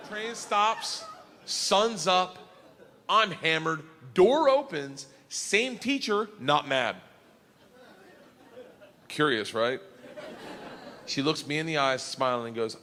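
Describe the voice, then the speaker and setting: A man doing stand-up storytelling, loud and excitable, swearing and building to shouts, on a roomy stage with audience noise. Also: a little high, slow pace, pauses often, a faint crowd. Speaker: comedian.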